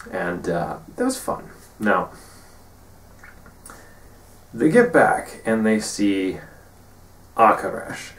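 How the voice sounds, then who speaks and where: Male game master, unhurried and rambling, full of ums; distant mic, roomy echo. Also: on the low side. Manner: rambling, many ums, quotes players in brief character bits. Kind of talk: session recap of a tabletop game. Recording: echoey room, far from mic.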